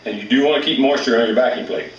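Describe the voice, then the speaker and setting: A man's voice: medium pitch, fast, echoey room, distant mic, dull audio, over loud music. A man teaching elk calling in a plainspoken, folksy way, with rural grammar. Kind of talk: outdoor hunting instruction.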